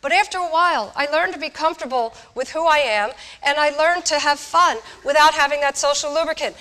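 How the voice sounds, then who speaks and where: Woman, high voice, speaker addressing students, direct and lively, echoey hall. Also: fairly quick. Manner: lively, direct, asks the audience questions. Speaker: speaker on alcohol awareness. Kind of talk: live talk to college students.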